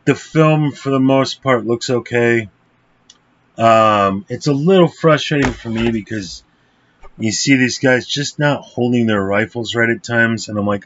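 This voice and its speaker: A man's voice: mid-range voice, normal speed. Casual male film reviewer with an ordinary mid-range voice. Blunt and profane, rambles with fillers, on a dull lo-fi recording.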